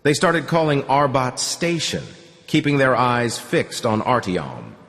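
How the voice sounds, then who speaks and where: A man narrating a novel as an audiobook in a measured, steady storytelling voice. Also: mid-range voice, long reverb tail.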